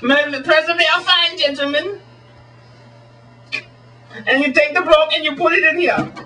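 Guy doing a silly swedish magician voice, high and bouncy, far off mic with faint music. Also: normal speed, full character voice. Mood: goofy, crude. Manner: high, excitable, crude patter. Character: crude, goofy male Swedish stage magician.

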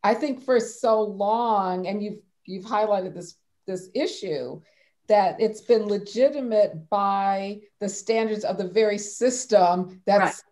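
A woman speaking as a panelist in an academic discussion, measured and thoughtful, often restarting her sentences. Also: mid-range voice, a little mellow.

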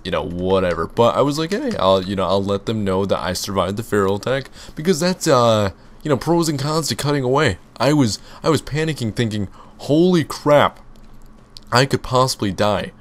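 A man's voice: lowish voice, animated, fairly quick, hardly any pauses. A young man commenting on his own gameplay, rambling and breaking into panicky outbursts. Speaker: gaming YouTuber. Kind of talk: let's play commentary.

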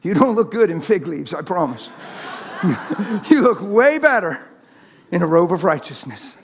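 Middle-aged guy preaching in a church, kinda high voice, blunt and jokey. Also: sing-song, a little slow, long reverb tail, a little hiss or hum. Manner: plain-spoken, teasing, laughs with the crowd. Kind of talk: live sermon.

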